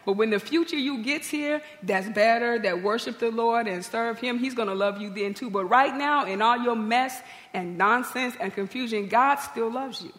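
A woman pastor telling a humorous story in her sermon, lively and animated. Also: normal speed, few pauses. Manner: lively, humorous storytelling with big pitch swings. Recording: long reverb of a large hall.

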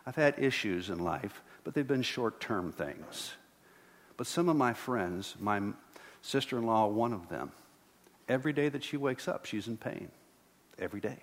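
A man's voice: on the low side, lively intonation, normal speed. A middle-aged man preaching a sermon as pastor, earnest and building to emphatic repeated lines. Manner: earnest, rising to emphatic repetition. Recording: long hall reverb.

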